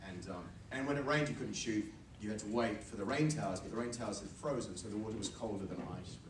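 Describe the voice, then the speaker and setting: A man on a film cast panel telling an anecdote, animated and acting out the voices he quotes. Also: on the low side, fast. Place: large convention hall. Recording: echoey hall, distant mic, crowd noise.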